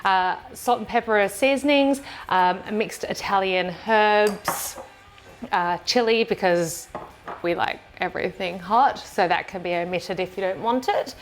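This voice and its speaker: A woman's voice: mid-range voice, unhurried, a little hiss or hum. Woman, home-kitchen cooking vlog co-host, plain explainer with fillers. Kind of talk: casual cooking chat.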